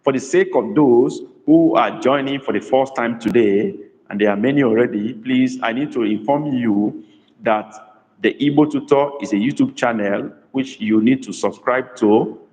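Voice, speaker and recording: A man teaching a live online language lesson, slowly repeating sentences and reading out viewers' comments. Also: mid-range voice, darkish tone, long reverb tail, rough recording. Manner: slow, deliberate repetition of sentences. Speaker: language tutor.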